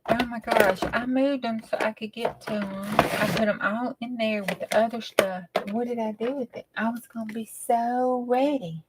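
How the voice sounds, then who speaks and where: A woman's voice: fairly high pitch, steady tone, moderate pace, few pauses, very noisy. A woman chatting casually while she crafts, often dropping to a whisper. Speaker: craft channel host.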